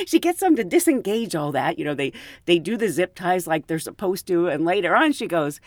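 Woman flight attendant; chatty, laughs a lot, fairly high voice. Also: brisk, no echo, clean studio sound. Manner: animated, laughs often. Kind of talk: casual storytelling.

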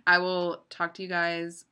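Young woman podcast host, casual and earnest, swears a lot, lowish pitch but bright tone, rambles with filler words. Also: clean tone. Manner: earnest, profane, lots of fillers. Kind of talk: motivational podcast monologue.

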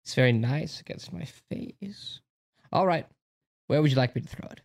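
A man's voice: a little high, expressive, normal speed, vocal fry. A man playing in a tabletop game, chatting casually and cracking jokes. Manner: joking, wisecracking. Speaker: player.

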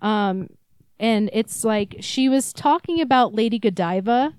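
A woman's voice: fairly high pitch, expressive, measured pace, darkish tone, clear, resonant tone, no echo. A young woman co-hosting a podcast, rambling and swearing freely as she tells stories in casual chat. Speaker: podcast co-host.

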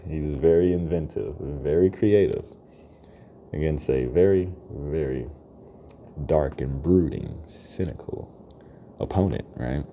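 A young man with a very deep, dark voice and a gravelly edge talks through a loose solo podcast monologue. He rambles reflectively, laughs easily and keeps asking "right?" A faint hiss sits under the voice. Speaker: podcast host. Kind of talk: freestyle monologue.

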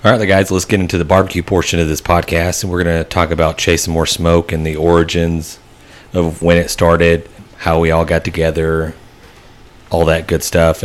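A man hosting a podcast, introducing the next topic in a relaxed, casual way. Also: sits low. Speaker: podcast host.

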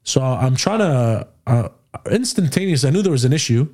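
A young Canadian man hosting a podcast, chatting casually and telling animated stories full of quoted dialogue and slang. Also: mid-range voice, moderate pace. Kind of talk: casual storytelling chat.

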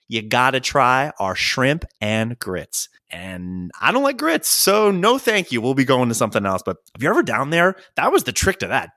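A man's voice: medium pitch, dry recording, studio quality. A young man hosting a podcast, telling a trip story in casual chat, joking, swearing freely and acting out what others said. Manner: animated, jokey, swears freely, acts out quoted voices. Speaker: podcast host.

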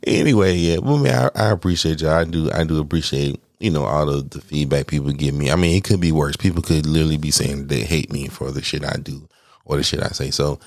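This is a man with an extremely deep voice, the kind people tell him belongs on the radio. He hosts his own podcast and chats in a loose, rambling way, poking fun at himself, laughing between phrases and swearing freely. The sound is dry and close, with no room around it. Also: a little fast, vocal fry, no echo. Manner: candid, rambling, self-deprecating. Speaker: podcast host. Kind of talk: casual solo podcast chat.

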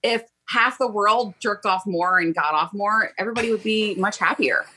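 Blunt, profane woman with a husky voice. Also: mid-range voice, moderate pace, sharp tone, poor audio. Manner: blunt, profane, laughing storyteller. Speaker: podcast guest, fellow podcast host. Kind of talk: candid casual interview talk.

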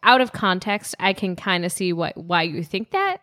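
A woman's voice: fairly low pitch, big pitch swings, moderate pace, pushed and bright, no echo. Dry-sounding woman explaining a cartoon. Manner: explains plot matter-of-factly. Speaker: podcast panelist. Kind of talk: casual comedic chat.

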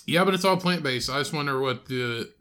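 A man's voice: medium pitch, brisk, sharp tone. A man co-hosting a crude casual podcast, swearing constantly and teasing his brother. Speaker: podcast co-host.

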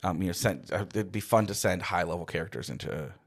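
A young adult man co-hosting a podcast, chatting casually and telling a rambling, animated story about his tabletop game campaigns. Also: low-pitched, fast, gravelly. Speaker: podcast co-host, game master.

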